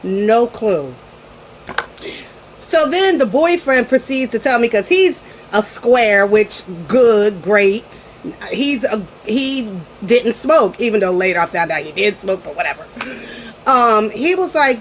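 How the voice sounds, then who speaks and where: Chatty slangy mother, higher voice. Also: expressive, slow pace, fairly bright tone, a little hiss or hum, low-quality recording. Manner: chatty and slangy, with frequent restarts. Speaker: parent vlogger. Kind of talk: casual storytelling to camera.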